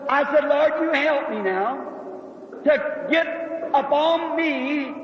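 A man preaching a sermon, telling a folksy personal story in an earnest, unhurried way. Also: extremely high pitch, fairly bright tone. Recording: echoey hall, dull old recording.

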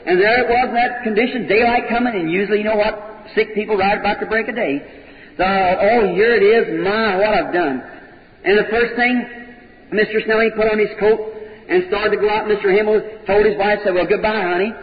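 A man's voice: high voice, fairly quick. A man preaching, telling a story in folksy sermon style and acting out people's words. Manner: folksy storytelling, quotes people in changed voices. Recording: dull old recording, echoey hall, crowd.

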